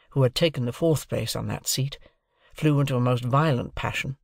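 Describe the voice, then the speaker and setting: A man reading a classic novel as audiobook narration, in a measured, deliberate manner. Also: medium pitch, vocal fry, no room sound, studio quality.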